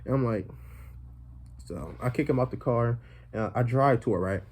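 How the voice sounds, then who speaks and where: Mellow-voiced young man rambling through a story. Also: medium pitch, moderate pace, slightly rough. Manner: rambling, filler-heavy, deadpan joking. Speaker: vlogger. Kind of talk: comedic storytime monologue.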